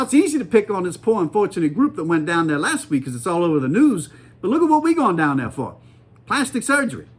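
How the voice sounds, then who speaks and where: A man, hosting a faith talk show in a folksy, animated way, laughing often as he talks. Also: sits high. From United States. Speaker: podcast host. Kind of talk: casual faith commentary.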